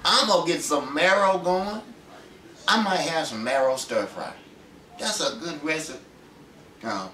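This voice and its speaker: A man with a slightly high, forceful voice jokes playfully through a casual chat. He is heard from a distance in a roomy space. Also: expressive, a little slow, long pauses, a little hiss or hum. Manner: joking, playful. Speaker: ministry host. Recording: echoey room, mic at a distance.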